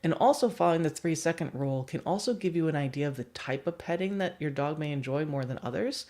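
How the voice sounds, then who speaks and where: A woman's voice: low-pitched, expressive, quick pace, dark tone. A woman dog trainer giving a chatty livestream teaching talk and laughing often.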